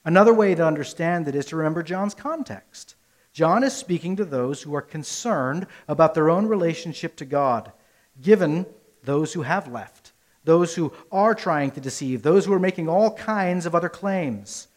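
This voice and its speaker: Male pastor, somewhat high voice, earnest sermon, emphatic swells and quiet drops. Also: animated, moderate pace. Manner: earnest, rises to emphatic peaks then drops low; rhetorical questions and repetition.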